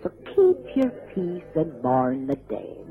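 A woman's voice: a bass voice, wildly swooping pitch, takes it slowly, full character voice. An actress doing a mournful old Irish mother. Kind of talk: old-time radio drama acting. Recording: lo-fi narrow-band old radio recording.

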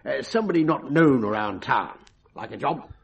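An actor playing a breezy, wheedling stage mind-reader who talks in slang, in a vintage radio drama. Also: male voice, mid-range voice, lively intonation, normal speed, vocal fry, husky. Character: brash cockney male stage mind-reader.

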